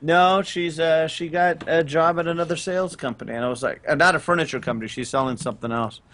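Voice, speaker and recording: A man with a slightly raised pitch tells stories in a loose, rambling way, full of ums and restarts. He chats casually with friends over a voice call and gets lively when he retells events. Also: fast, a little hiss or hum. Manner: rambling, many fillers, animated when retelling. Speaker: podcast co-host. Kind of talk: casual group chat, storytelling.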